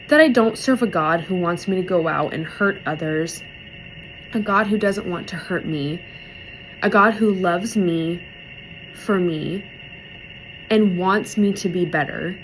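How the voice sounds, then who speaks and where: A young woman in a church devotional video series gives a casual, heartfelt talk, emotional and near tears, chatting with many "like"s. Her voice is mid-range and a little slow, and the poor audio carries a little hiss or hum.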